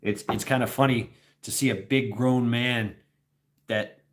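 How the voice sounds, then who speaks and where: A man's voice: medium pitch, steady tone, a little slow. A man talking in a casual, rambling livestream chat, restarting sentences often and chuckling as he goes. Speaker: host.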